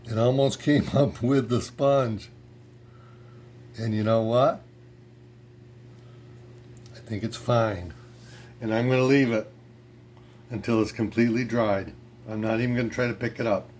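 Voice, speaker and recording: A man's voice: mid-range voice, unhurried, pauses often, a little hiss or hum. Chatty man teaching pottery. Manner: relaxed, chatty, with many fillers and restarts. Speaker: ceramics instructor. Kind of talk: casual how-to demonstration. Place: pottery studio.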